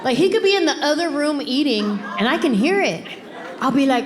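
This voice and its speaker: A middle-aged woman doing stand-up comedy on stage through a handheld mic, telling her stories in an exasperated, animated, playful way. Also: high-pitched, brisk. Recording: live comedy show with laughing crowd. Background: audience laughter and applause.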